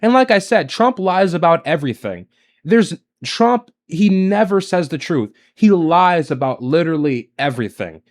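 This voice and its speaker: A man with a somewhat high voice hosts a casual reaction stream. He is sarcastic and mocking, jumping between loud jabs and low mutters. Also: animated, normal speed. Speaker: political commentary streamer.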